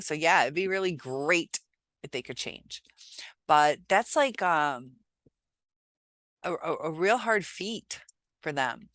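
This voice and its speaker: A woman with a notably low voice talks through relationship advice in a casual, reflective way. She pauses often and fills the gaps with soft hesitations. The sound is dry and close, with no room echo. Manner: reflective, halting, many pauses and filler sounds. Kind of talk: casual advice talk to camera.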